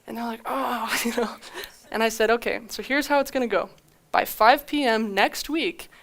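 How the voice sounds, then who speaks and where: A young adult woman giving a conference talk, telling a story with acted-out quotes and frequent laughs. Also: mid-range voice. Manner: animated, acts out quoted dialogue with laughs. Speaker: conference speaker.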